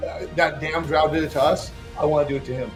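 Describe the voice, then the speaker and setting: A man's voice: on the high side, fairly even intonation, fast talker, over music, low-quality recording. A man playing in a tabletop game who talks eagerly and repeats his words as he asks what his character can do. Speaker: player. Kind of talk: casual tabletop game play.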